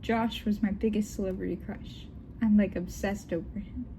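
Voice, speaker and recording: A woman's voice: mid-range voice, steady tone, moderate pace, warm tone, slight background noise. A young woman reading fanfiction aloud with giggly, joking asides. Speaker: vlogger.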